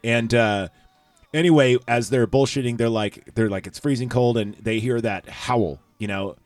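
A man's voice: medium pitch, moderate pace, dry recording. A man hosting a casual movie recap chat, rambling with lots of fillers and profanity. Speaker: podcast host.

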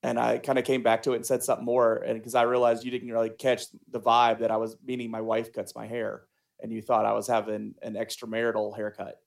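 A man's voice: medium pitch, completely flat delivery, fairly quick, vocal fry. A man co-hosting a sports podcast, joking and teasing in casual chat. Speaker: podcast co-host.

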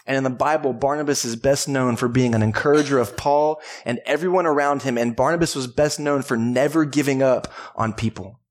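A man preaching a Sunday sermon as pastor of a church, animated and climbing high in pitch when he acts out an excited friend. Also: a little fast, hardly any pauses. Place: church service.

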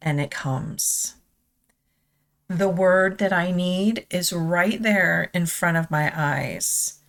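Woman devotional host, lowish voice, very slow and tender, confessional. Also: creaky, fairly bright tone. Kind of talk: personal devotional reflection and scripture reading.

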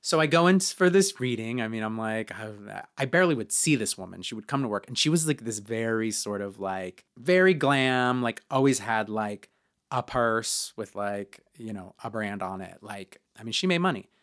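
A man's voice: animated, moderate pace, a bit bright. A man co-hosting a podcast, telling a personal story in a chatty way with many fillers. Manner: chatty, many fillers, acts out quotes in higher voices. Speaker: podcast co-host.

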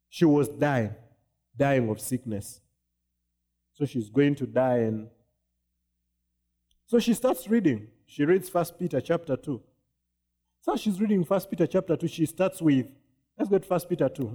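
A man pastor preaching a sermon on healing, with wide swings in pitch and asking the congregation if they follow him. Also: warm tone.

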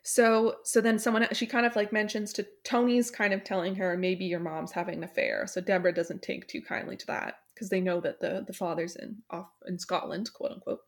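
A woman walks through a story's plot in a relaxed, chatty way. She leans on fillers and slips into little voices for the characters' lines. Her pitch sits in a middling range. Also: fairly quick, few pauses. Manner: storytelling recap with many fillers, acts out quotes. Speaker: book club podcast host summarizing the plot. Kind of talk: casual plot recap.

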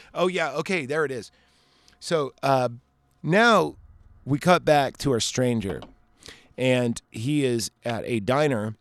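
A man's voice: mid-range voice, takes it slowly, long pauses, no echo. A man casually recapping a movie, rambling and joking, with lots of fillers and swearing. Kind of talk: casual chat.

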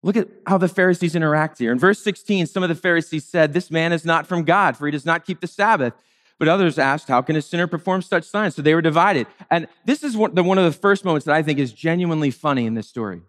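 A man's voice: on the high side, fast, fairly bright tone. A man preaching a sermon in a conversational, wry way, sometimes acting out the people in the story in playful voices. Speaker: pastor.

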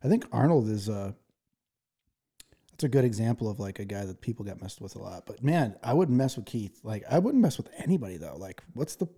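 A man's voice: on the low side, lively intonation, fairly quick, warm tone, slightly rough. A man hosting a podcast in casual chat, rambling with many fillers and laughing often. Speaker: podcast host.

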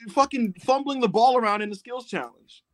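A man hosting a podcast, telling stories in casual chat, animated, swearing and laughing often. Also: extremely high pitch, a little fast. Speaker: podcast host.

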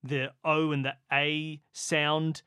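A man's voice: on the high side, level tone, slow pace, pushed and bright, clean tone, no echo, clean studio sound. An Australian man co-hosting a podcast, chatting casually and explaining at length with asides. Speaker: podcast co-host. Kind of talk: casual chat.

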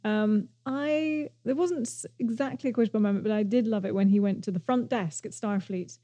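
A woman co-hosting a casual chat, playful and quick to laugh. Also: mid-range voice, warm tone. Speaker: podcast co-host.

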